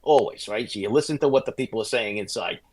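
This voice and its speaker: A middle-aged man, a former police sergeant telling animated stories as a guest on a casual podcast. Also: medium pitch. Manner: fast, animated anecdotes with restarts.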